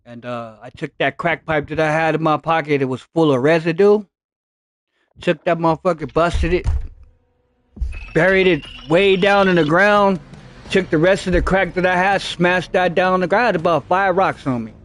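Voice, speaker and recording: High-voiced man telling a rambling story. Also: normal speed, fairly bright tone. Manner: rambling, profane, repeats himself. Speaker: gaming streamer. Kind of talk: casual storytelling while gaming.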